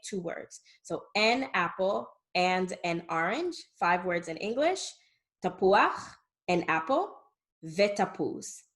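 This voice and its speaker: A woman teaching a beginner language lesson, explaining patiently and often checking in with "okay?". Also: on the low side. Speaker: Hebrew teacher.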